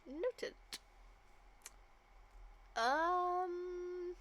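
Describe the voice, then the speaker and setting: A woman's voice: very high-pitched, extremely slow, fairly bright tone. A woman streamer chatting casually while playing a game, with an amused manner. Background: game music.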